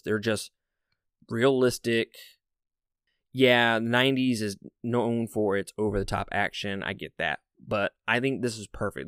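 Southern dude doing a movie countdown, kinda low voice, super clean and dry sound, gets pumped about his picks. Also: a bit bright, clean tone, dry recording. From American South. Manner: enthusiastic, opinionated, emphatic. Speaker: movie reviewer. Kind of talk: casual ranked movie countdown.

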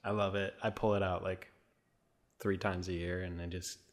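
A young man talks as a podcast guest in a loose, rambling way, his sentences full of filler words. His voice sits a bit low for a man. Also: level tone, moderate pace. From American Midwest. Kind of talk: casual conversation.

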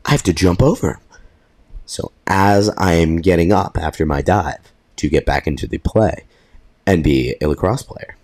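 This is a young man with a low voice, co-hosting a casual podcast. He tells a story with lively energy, acts out what everyone said, and swears freely. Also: moderate pace. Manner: animated, profane, laughs at himself. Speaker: podcast co-host.

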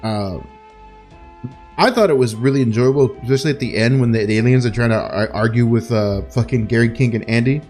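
A man's voice: mid-range voice, a little fast, a little mellow. Man, podcast co-host, casual chat, swears freely, faint music behind. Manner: swears casually, laughs often, rambling.

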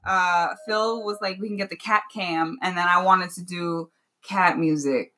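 A woman co-hosting a podcast, telling stories in an expressive, playful way. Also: fairly low pitch, a little slow. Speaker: podcast co-host. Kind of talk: casual podcast banter.

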